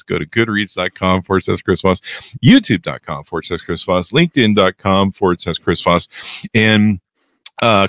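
A man's voice: low voice, fairly bright tone, dry recording, clean studio sound. A middle-aged man hosting a podcast interview, talking in a jokey, rambling way full of self-deprecating asides. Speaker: podcast host.

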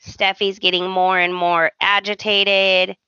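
Bright, wry woman in a dry recording. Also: mid-range voice, level tone, slow, smooth, no room sound, dull audio. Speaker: podcast co-host. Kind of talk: casual chat recapping a soap opera.

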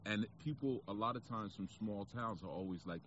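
A man's voice: lowish voice, moderate pace, a bit bright, muffled recording, a little hiss or hum. A man with a New York accent giving a casual spiritual talk to camera outdoors, reflective and preachy, with frequent fillers. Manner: reflective, preachy, conversational, with frequent "you know". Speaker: spiritual speaker.

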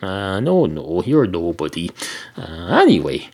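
A man's voice: mid-range voice, animated, moderate pace. Rambling Irish man telling sweary jokes. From Ireland. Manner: meandering, swears freely, frequent "uh" fillers. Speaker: podcast host. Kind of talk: rambling comic monologue.

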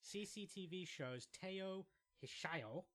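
A man's voice: high voice, lively intonation, slow, a bit bright. Laid-back podcaster reading news, man. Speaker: podcast co-host. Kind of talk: casual chat, reading a news story aloud.

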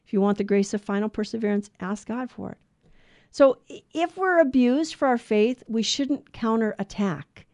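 A woman's voice: a little high, moderate pace, a little mellow, dry recording. A middle-aged woman co-hosting a Catholic radio Bible study, talking in an earnest, conversational way with frequent restarts.

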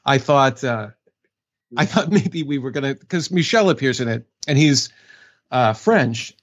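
A man's voice: medium pitch, expressive, measured pace, highs cut off. A man who narrates audiobooks, answering interview questions in a chatty, easygoing way with frequent laughs. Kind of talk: casual interview talk.

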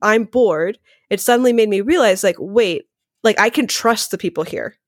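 A woman's voice: medium pitch, no room sound, studio quality. A woman guest on a podcast, chatting casually and animatedly, with a lot of "like" between her words. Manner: rapid and animated, heavy use of "like". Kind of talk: casual conversational interview.

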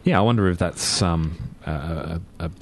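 A man hosting a community radio tech show, chatty and relaxed, with plenty of fillers. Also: deep voice, moderate pace, a little hiss or hum. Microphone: studio microphone.

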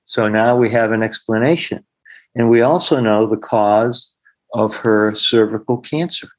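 A man with a fairly low pitch and steady tone tells stories unhurriedly in an interview, earnestly giving voice to the people he quotes. He's a middle-aged healer appearing as a podcast guest, heard on poor audio.

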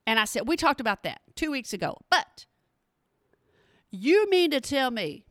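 A woman hosting a podcast, telling stories in an animated, casual way and talking straight to her listeners. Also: high-pitched, normal speed, long pauses, no room sound, studio quality. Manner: animated, talks to listeners directly, exclamations. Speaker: podcast host. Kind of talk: casual storytelling monologue.

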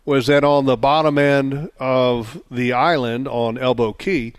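A man co-hosting a casual radio chat, rambling with many restarts and getting excited about food. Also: mid-range voice, unhurried, smooth, no room sound. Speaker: co-host.

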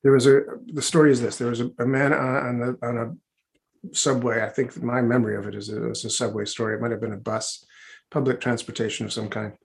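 A man's voice: medium pitch, level tone, fairly quick, gravelly. A man working as a hypnotherapist, answering interview questions in a chatty, rambling way with many restarts and asides, over a video call.

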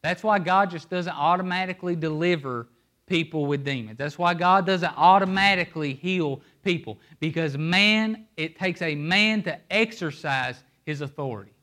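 Holding a microphone, a man delivers an emphatic sermon, using questions to pull in his audience. His voice is a little high with a sharp tone, and he speaks at normal speed.

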